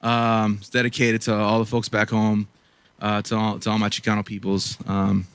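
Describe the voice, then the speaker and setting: A man's voice: on the low side, monotone, normal speed, fairly bright tone, clear, resonant tone, no echo. A man in his forties from Los Angeles performing spoken word poetry with a rhythmic, earnest delivery and casual asides. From Los Angeles, USA. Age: 40s. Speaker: poet.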